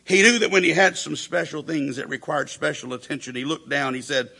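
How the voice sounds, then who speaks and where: Man, preacher, sermon, storytelling, acts out quotes, husky, tense tone. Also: a little high, a little fast, few pauses, sharp tone.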